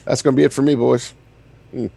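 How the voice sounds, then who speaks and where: A man's voice: mid-range voice, little pitch movement, fast, gravelly, dark tone. A man playing in a tabletop game, talking through his moves in an easygoing, wry way. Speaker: player. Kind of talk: casual tabletop game chat.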